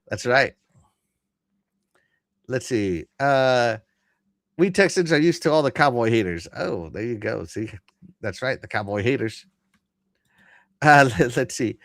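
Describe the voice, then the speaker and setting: A man's voice: mid-range voice, expressive, measured pace, pauses often, fairly bright tone, no echo, clean studio sound. A man hosting a podcast, casually chatting and reading chat messages aloud with frequent laughter. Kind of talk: casual live-stream chat.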